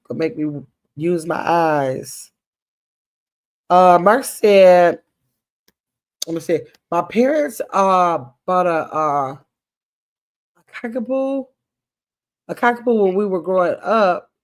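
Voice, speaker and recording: Older woman in AAVE, livestream host, reads chat comments, gets excited, loose and chatty. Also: on the low side, slow pace, long pauses. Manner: chatty, animated, Southern US dialect grammar.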